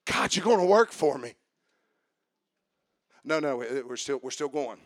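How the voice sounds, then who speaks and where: A man preaching a sermon, swinging from quiet talk to shouting and chanting as he coaches the congregation. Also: medium pitch, expressive, a little slow, no room sound, studio quality.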